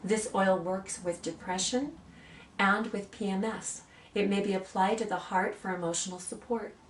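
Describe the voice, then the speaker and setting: A woman in her sixties, an aromatherapy practitioner, who gently demonstrates oils and tells personal stories in a soft, earnest way. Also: medium pitch, a little hiss or hum. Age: 60s. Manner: soft, earnest, reads blessings slowly. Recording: roomy sound from a distant mic, faint ambience.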